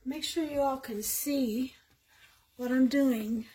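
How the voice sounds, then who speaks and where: A woman's voice: high-pitched, slow pace, warm tone, a little hiss or hum. A woman home cook giving a casual cooking demonstration, chatting straight to her viewers.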